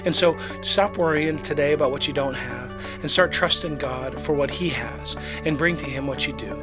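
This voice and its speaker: A man's voice: a little high, normal speed, over loud music. A male pastor giving a conversational daily devotional, reading scripture aloud and explaining it. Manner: conversational, reads scripture then acts out the disciples. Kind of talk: devotional Bible teaching.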